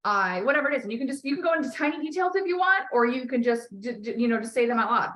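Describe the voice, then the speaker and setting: A woman's voice: on the high side, big pitch swings, fairly quick, sharp tone, low-quality recording. A woman coaching a client on a call, talking bluntly, swearing freely and encouraging her. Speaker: life coach.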